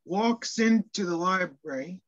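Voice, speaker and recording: Slow-talking male minister, muffled sound. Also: high voice, expressive, fairly bright tone. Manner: storytelling jokes, hesitant with restarts. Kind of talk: sermon. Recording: dull lo-fi sound.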